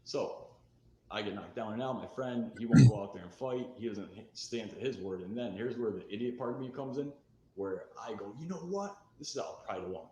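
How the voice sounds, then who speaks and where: A low-voiced man tells a rough story from his past, getting heated and swearing as he replays the shouting. The room sounds echoey, with a faint hiss of noise under his voice. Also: fairly quick. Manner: fired-up, swearing, acts out shouted quotes. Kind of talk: candid recovery storytelling.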